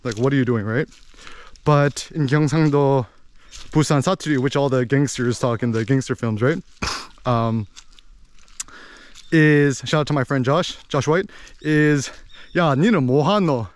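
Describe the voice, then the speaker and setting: An American man talking in a rambling, animated way as he vlogs outdoors in a village, with lots of fillers. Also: medium pitch, a little slow, pauses often. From United States. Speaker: vlogger. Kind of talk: casual walking vlog monologue.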